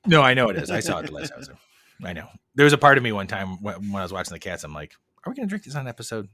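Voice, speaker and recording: A man's voice: lowish voice, very animated, very fast, pushed and bright, dry recording. A man co-hosting a beer podcast, talking in a rambling, jokey way with lots of fillers and restarts. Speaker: podcast co-host. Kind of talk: casual chat.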